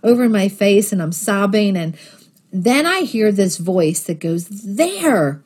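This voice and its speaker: A woman's voice: medium pitch, lively intonation, a little slow, darkish tone, slightly rough. A woman sharing a personal faith testimony in an earnest storytelling manner, acting out the thoughts she quotes.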